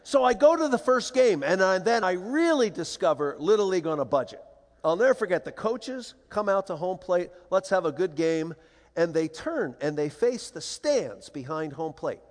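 An older man in a large hall, telling funny stories to a live audience. He talks in a playful, animated way and slips into other people's voices. His voice sits slightly high, with a long reverb trailing after it. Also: moderate pace. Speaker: speaker. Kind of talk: humorous storytelling talk to an audience.

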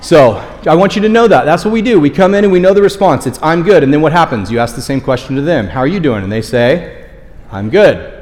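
A man's voice: on the high side, animated, quick pace, a little mellow. A man preaching a sermon as pastor, candid and conversational, often checking in with the congregation. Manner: candid, conversational, frequent "okay?" check-ins. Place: church auditorium. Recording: long hall reverb.

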